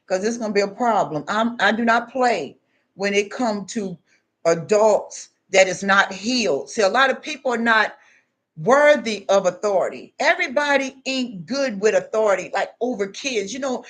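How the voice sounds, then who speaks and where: A woman's voice: on the high side, fairly bright tone. A woman talking straight to camera in a casual vlog, telling stories bluntly and preaching in emphatic asides. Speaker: spiritual vlogger.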